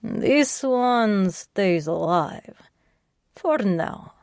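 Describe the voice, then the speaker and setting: A woman voicing a menacing old Russian crime boss, with a thick Russian accent, drawling slowly and condescendingly in an audiobook. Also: medium pitch, animated, a little mellow, smooth, no room sound, studio quality, pitched above the performer's own voice.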